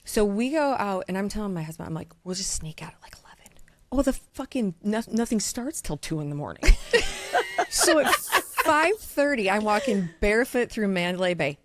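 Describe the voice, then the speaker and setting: A woman from Iowa, a diamond dealer, telling a story in casual podcast chat, blunt, profane and fast-talking. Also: mid-range voice, very animated, slight background noise. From Iowa, USA.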